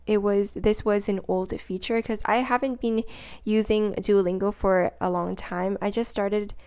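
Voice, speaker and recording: A woman vlogger explaining a study method in a casual tutorial, rambling with lots of fillers and repeating words for emphasis, sometimes sounding out syllables slowly. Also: mid-range voice, steady tone, darkish tone, clear, resonant tone. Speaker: language-learning vlogger.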